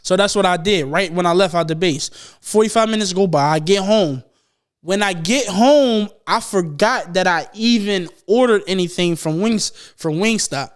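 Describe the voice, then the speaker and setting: A man's voice: high voice, normal speed, clear, resonant tone. A young man telling a long, profane, laughing story on a casual podcast. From Philadelphia. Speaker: podcast host.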